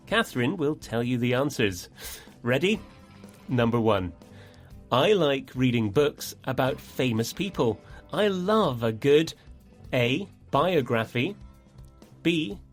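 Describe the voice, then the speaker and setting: A man co-hosting a scripted English lesson in a friendly, upbeat presenting manner. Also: medium pitch. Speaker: English teacher, co-host.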